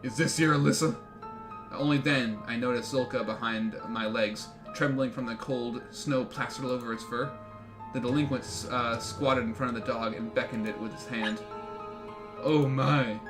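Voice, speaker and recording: With game music playing behind him, a man reads a visual novel's story aloud on a live stream. His voice is medium-pitched and steady at a normal speed, broken up by jokey asides with some swearing.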